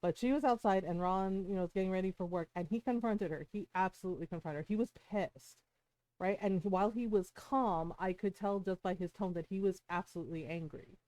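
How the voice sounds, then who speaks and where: A woman's voice: mid-range voice, brisk, dark tone, dry recording. A woman streamer chatting casually at home, rambling and swearing, with frequent fillers and tag questions. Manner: rambling, profane, with frequent "like" and "right?". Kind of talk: casual chat.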